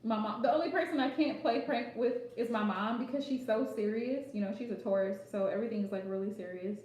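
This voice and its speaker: A woman's voice: a little high, brisk, a little mellow, slight background noise. A playful woman hosting a casual livestream chat, joking and laughing often as she talks. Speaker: host. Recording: very echoey room.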